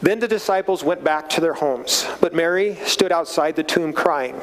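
High-voiced, animated man teaching Scripture. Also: normal speed, rough recording. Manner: animated, chuckling, repeats words. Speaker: Bible teacher. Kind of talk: casual Bible study talk.

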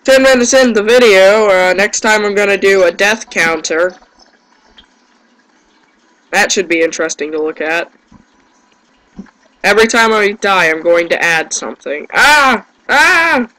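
A man's voice: high voice, measured pace, long pauses, fairly bright tone, poor audio. A man giving gameplay commentary, yelping in panic and groaning at his own mistakes. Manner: panicky yelps and self-deprecating groans. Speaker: let's play gamer.

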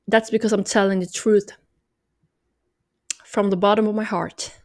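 A woman from Norway rambles to her vlog camera at a slow, unhurried pace. She sounds a little tired and keeps up an ironic, self-mocking tone, drifting into a lazy drawl. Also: medium pitch, fairly even intonation, darkish tone. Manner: joking, self-mocking, mock valley-girl drawl. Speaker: vlogger.

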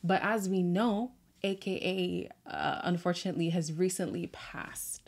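A woman's voice: fairly low pitch, measured pace, creaky, darkish tone. A woman casually recapping a reality show with sassy, exasperated asides and laughs. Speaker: recap vlogger.

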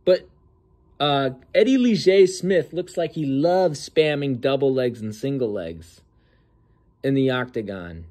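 A man's voice: mid-range voice, animated, a little slow, warm tone. A man hosting casual political commentary in a sneering, mocking and slangy way. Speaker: host.

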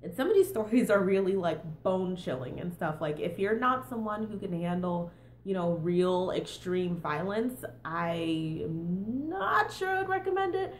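A woman's voice: lowish voice, expressive, a little slow, reverberant, a little hiss or hum. A young woman giving a casual book review with a sing-songy tone, chatty and full of fillers. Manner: chatty with many fillers and "and stuff".

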